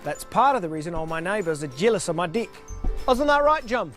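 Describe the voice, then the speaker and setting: A man with a New Zealand accent playing a straight-faced pitchman in a commercial. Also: very animated, a little fast, fairly bright tone, faint music behind. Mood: deadpan earnest. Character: earnest male deck-sealant pitchman.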